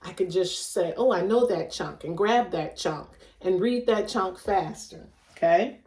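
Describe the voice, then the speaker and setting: A woman teaching a phonics lesson, sounding out word chunks slowly and overemphasizing each sound. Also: on the low side, darkish tone. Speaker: reading teacher. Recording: echoey room, voice a bit far from the mic.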